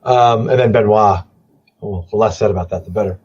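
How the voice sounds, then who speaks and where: Husky low-voiced guy rambling on a podcast, swears a lot, muffled lo-fi sound. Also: a little fast, a little mellow. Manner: rambling, profane, trailing into mumbles. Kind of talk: casual podcast chat.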